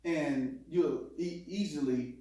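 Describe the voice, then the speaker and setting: A man in casual chat with his partner, telling animated stories and acting out quotes with laughs. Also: fairly high pitch, takes it slowly. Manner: animated, laughing storyteller who acts out quotes. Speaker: co-host. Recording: echoey room, distant mic.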